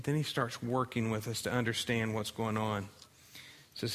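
A man's voice: fairly low pitch, steady tone, moderate pace, fairly bright tone, in a large hall. A male pastor giving a sermon in a conversational preaching style, with dramatic readings of scripture.

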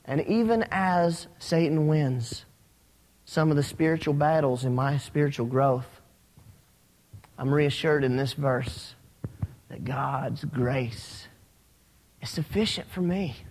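A man preaching a sermon as a pastor, telling stories with animated, rising emphasis. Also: on the high side, takes it slowly, pauses often, a little hiss or hum. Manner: animated storytelling, rising when excited. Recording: long hall reverb.

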